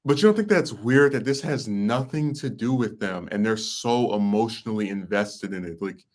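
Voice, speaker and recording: Young guy ranting on his podcast, kinda low voice, blunt and sarcastic. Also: animated, normal speed. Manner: blunt, sarcastic, exasperated rant. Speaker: podcast host. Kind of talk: casual chat.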